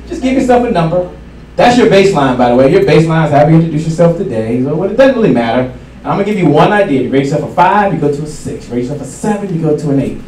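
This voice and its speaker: A man giving a live sales seminar to an audience, energetic and repeating his key lines for emphasis. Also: on the high side. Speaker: sales trainer. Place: event room with an audience. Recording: echoey room from far off, faint hiss.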